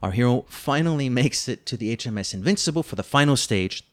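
A man's voice: medium pitch, lively intonation, brisk. A man co-hosting a book-review podcast, reading a plot summary with playful, teasing, mock-dramatic asides. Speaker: podcast co-host.

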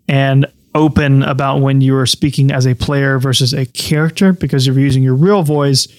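Flat-voiced man chatting on a podcast. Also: medium pitch, no echo. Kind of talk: casual podcast chat.

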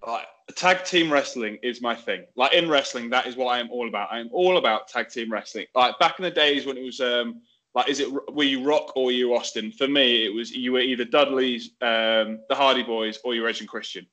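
A man's voice: medium pitch, brisk, bright, forceful tone. A man chatting as a guest on a talk show, amused and easygoing. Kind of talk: casual chat.

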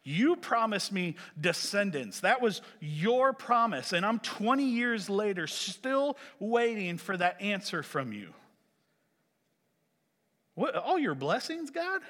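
Exasperated old-time patriarch pleading upward, high voice, big echoey hall as a preacher acts him out. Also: male voice, very animated, slow pace, fairly bright tone, heavily acted. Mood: frustrated pleading. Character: frustrated pleading biblical patriarch, adult man.

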